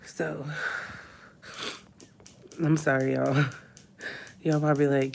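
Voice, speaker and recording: A woman's voice: deep voice, steady tone, a little slow, gravelly, a little mellow, husky. A woman in her thirties crying as she talks in a confessional vlog, her voice breaking into whispers and sighs. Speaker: vlogger. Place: hospital room.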